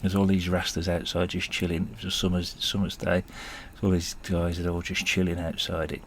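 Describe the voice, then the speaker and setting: A man's voice: deep voice, little pitch movement, fairly quick, fairly bright tone, slight background noise. A man, telling stories in a rambling, self-deprecating way and chuckling often. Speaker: podcast host. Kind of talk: casual storytelling monologue.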